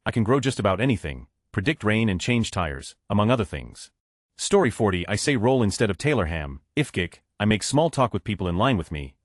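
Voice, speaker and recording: Fast, lively male story narrator. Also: fairly low pitch, no echo, clean studio sound. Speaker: narrator of reader posts. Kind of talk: scripted narration.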